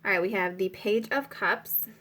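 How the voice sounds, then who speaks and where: A woman's voice: mid-range voice, moderate pace, pushed and bright. A young woman giving a casual spiritual tarot reading, rambling with many fillers. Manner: rambling, filler-heavy, breaks off to pray aloud. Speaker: tarot reader.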